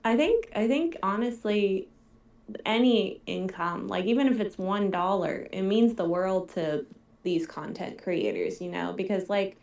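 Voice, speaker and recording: A woman's voice: medium pitch, lively intonation, measured pace, darkish tone, echoey room. A woman who writes scripts, chatting casually on a live Q&A and saying "like" a lot. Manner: chatty, heavy use of "like". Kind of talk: casual chat.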